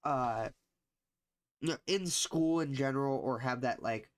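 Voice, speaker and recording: A young man talks loosely to his stream chat, drifting between thoughts with lots of fillers and casual swearing. His voice sits at an ordinary middle pitch. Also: slow pace. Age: young adult. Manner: rambling, slangy, swears a lot, many fillers. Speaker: livestreamer.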